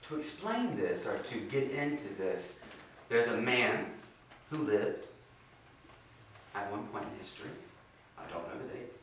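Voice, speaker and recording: A man giving a sermon with a guided meditation at a spiritual center, his delivery swinging between hushed and emphatic. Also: fairly low pitch, sing-song, unhurried, long pauses. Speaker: guest speaker at a spiritual center. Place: meeting hall of a spiritual center. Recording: echoey hall from far off, faint noise.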